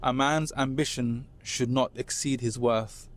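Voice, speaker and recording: A man chatting casually as a guest, telling animated stories. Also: medium pitch, a little slow. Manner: animated storyteller, slips into street slang impressions. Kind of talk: casual chat.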